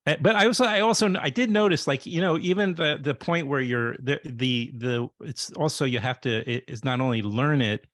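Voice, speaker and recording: Male interview host, halting and rambling, dead-dry recording. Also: mid-range voice, fairly bright tone, no room sound. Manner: rambling, halting questions with many restarts. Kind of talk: casual interview chat.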